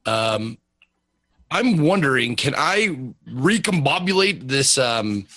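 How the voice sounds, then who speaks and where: A man's voice: mid-range voice, big pitch swings, takes it slowly, bright, forceful tone. Hesitant male tabletop game player. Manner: hesitant, searching for words. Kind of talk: tabletop game play, casual chat.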